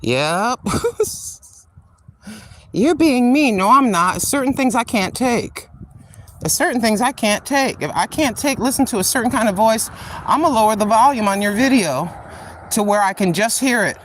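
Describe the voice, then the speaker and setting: A woman's voice: on the high side, lively intonation, moderate pace, fairly bright tone, slight background noise. An older woman hosting a casual livestream while walking outdoors on a street, chatty and rambling, laughing often as she digresses. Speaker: livestream host.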